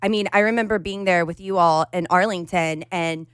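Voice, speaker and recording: A woman's voice: medium pitch, a little fast, slight background noise. A woman co-hosting a podcast, chatting casually and emphatically. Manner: animated, emphatic. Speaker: podcast co-host.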